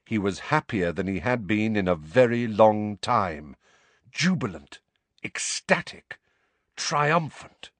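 Brief: male audiobook narrator, expressive and measured, low voice, dry close recording. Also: dry recording.

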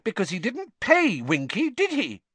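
A man voicing an earnest teenage girl who argues with shrill indignation. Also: huge pitch swings, unhurried, a bit bright, breathy edge, no echo, exaggerated voice. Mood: indignant. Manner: shrill, impassioned.

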